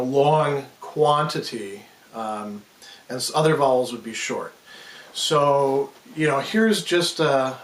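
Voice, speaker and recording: A man giving an unscripted philosophy lecture. He thinks aloud, restarts often and taps out rhythms with his voice. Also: a little high. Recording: roomy echo, mic at a distance.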